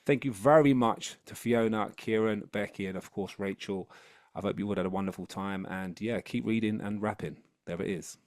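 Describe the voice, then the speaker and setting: A rapper and educational consultant talking energetically on a video call webinar, then rapping a picture book. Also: male voice, lowish voice, moderate pace, no echo, studio quality. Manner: energetic, upbeat, chatty. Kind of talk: webinar talk and live rap.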